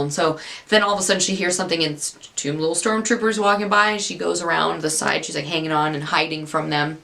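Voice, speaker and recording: Bright-voiced woman recapping a TV episode. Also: low-pitched, fairly even intonation, quick pace, gravelly. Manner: rambling, chatty retelling with self-interruptions. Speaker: TV episode reviewer.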